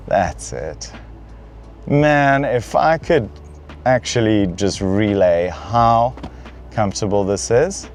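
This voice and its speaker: This young man's voice is fairly low with a darkish tone. He's hosting a funny luxury car review from the back seat, acting playfully spoiled.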